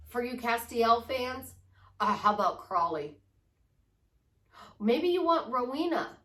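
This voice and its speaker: A woman from Chicago talks as a relationship life coach, slow and high-voiced with an upbeat, gushing manner. Her voice sits back from the mic. The room around her is echoey. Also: animated, a bit bright, far from the mic. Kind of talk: motivational vlog talk.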